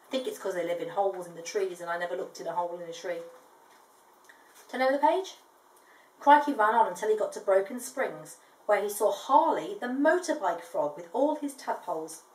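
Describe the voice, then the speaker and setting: A woman reading a storybook aloud to a child, gentle, with chatty asides between pages. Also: medium pitch, expressive, brisk. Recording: echoey room, distant mic.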